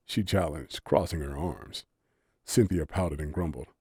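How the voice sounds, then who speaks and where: A man narrating an audiobook story in a low-key, softly spoken manner. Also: a little slow, husky, no echo, studio quality.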